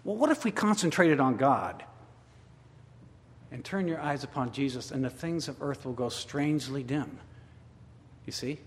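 A man's voice: mid-range voice, lively intonation, normal speed, pauses often. A man preaching a sermon, reading scripture aloud and commenting on it with pointed rhetorical questions. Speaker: pastor. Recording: long reverb of a large hall.

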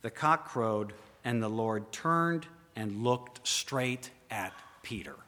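A man's voice: mid-range voice, expressive, slow pace. Man preaching in a reverberant hall. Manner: dramatic, questions the listeners directly, swings from loud to hushed. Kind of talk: sermon.

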